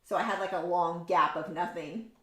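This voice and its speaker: A woman artist on a painting livestream speaks in a fairly low, slightly bright voice, keeping a steady tone and moderate pace. She chats candidly and opinionatedly as she works, rambling with many ums and likes, and the recording echoes around the room.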